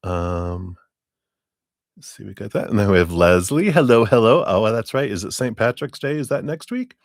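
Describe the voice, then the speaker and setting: A man with a very low voice hosts a live tarot stream, chatting casually and warmly greeting viewers one by one. His sound is dry and close, with no room echo. He chuckles easily between names. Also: lively intonation, normal speed. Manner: friendly, greets viewers by name, chuckles often.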